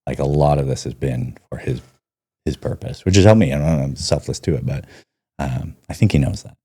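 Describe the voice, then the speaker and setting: A man in his thirties, a podcast guest, telling personal stories in a casual, animated way and acting out the quotes. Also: a bass voice, normal speed, slightly rough. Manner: animated storyteller, acts out quotes. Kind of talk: casual storytelling.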